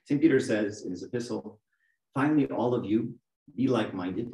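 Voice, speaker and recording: A middle-aged man with a warm, medium-pitched voice and normal speed preaches as archdeacon in a church. His sermon is conversational, with frequent check-ins with the congregation, and the distant mic picks up an echoey room.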